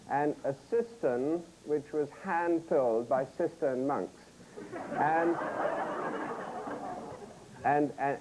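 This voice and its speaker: Male host voicing an obsequious shop dealer, all "sir", lively pitch. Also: slight background noise, low-quality recording. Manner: deferential sales patter.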